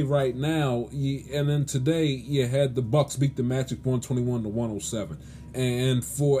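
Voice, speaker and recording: A man's voice: fairly high pitch, darkish tone, slight background noise. A man hosting his own sports show, ranting in a pleading, exasperated way with lots of restarts and stammers. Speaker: sports podcast host. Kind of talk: solo sports commentary rant.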